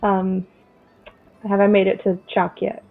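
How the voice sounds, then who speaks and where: A woman's voice: mid-range voice, little pitch movement, unhurried, vocal fry. A woman chatting casually as a player in a tabletop role-playing game. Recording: dull lo-fi mic.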